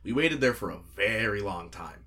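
A man, telling stories in a casual chat, animated and laughing as he acts out quotes. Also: lowish voice, normal speed.

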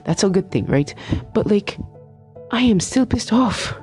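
A woman's voice: medium pitch, lively intonation, unhurried, darkish tone, soft background music. A woman in her twenties, a medical student, telling a story in a casual vlog, rambling and emphatic with many fillers and restarts.

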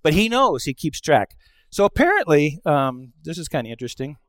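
A middle-aged male pastor delivering a conversational sermon, telling stories and acting out quoted lines, moving between hushed asides and loud exclamations. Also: on the high side, big pitch swings, brisk, dry recording, clean studio sound. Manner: conversational storytelling with acted-out quotes.

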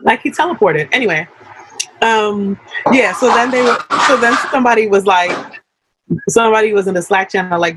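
A young adult woman co-hosting a casual podcast, talking in an animated, slangy way with quick asides. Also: mid-range voice, a little hiss or hum, poor audio. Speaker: podcast co-host.

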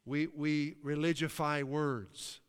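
This Western Pennsylvania preacher has a fairly high, clean voice, delivered slowly with fairly even intonation. His sermon is broken by shouts of hallelujah and questions to the congregation, all echoing in a long hall reverb.

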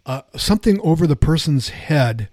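A man in a casual film chat, relaxed and agreeable, trailing off as he searches for names. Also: fairly high pitch, normal speed, no echo, studio quality.

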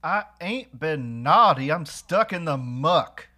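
A man reading the part of a stubborn ranch hand stuck in mud, speaking in slow plaintive sing-song repeats at a comedy table read. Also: on the high side, lively intonation, sharp tone, exaggerated voice. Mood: whiny.

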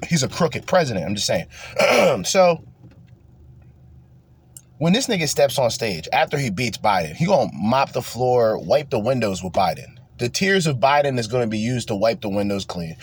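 A man's voice: medium pitch, very animated, moderate pace, husky. A young man from New Jersey, hosting a podcast, delivers a rambling, profane and heated political rant in a casual tone. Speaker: podcast host.

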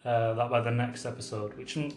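A man from Britain co-hosting a podcast, trading crude deadpan jokes in casual banter. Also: medium pitch, a little fast, a little hiss or hum. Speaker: podcast co-host. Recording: roomy echo.

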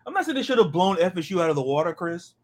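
A man from the American South co-hosting a podcast, talking in an animated, ranting way and stumbling over repeated words when excited. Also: high voice, rapid-fire. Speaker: podcast co-host. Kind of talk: casual sports chat.

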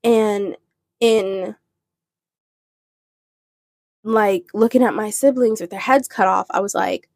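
A woman's voice: mid-range voice, steady tone, slow pace, vocal fry, long pauses, darkish tone, no room sound. A woman hosting a podcast, telling a personal faith testimony in an earnest, rambling way with restarts. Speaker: podcast host.

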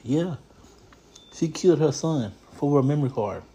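A man hosts a show where he riffs on news stories with casual, comedic commentary that is blunt, profane and animated. His voice is a little high, at a moderate pace.

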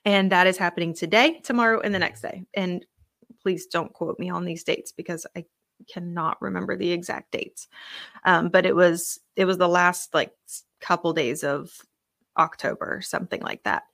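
A woman's voice: lowish voice, fairly even intonation, moderate pace, vocal fry, a bit bright, no echo, studio quality. A young adult woman hosting a podcast alone, telling a personal faith testimony in an earnest, conversational way with lots of fillers. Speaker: podcast host.

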